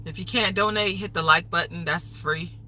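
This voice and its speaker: A woman's voice: on the low side, normal speed, sharp tone, slight background noise, low-quality recording. A woman hosting a livestream, delivering an angry, profane, repetitive rant. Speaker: livestream host.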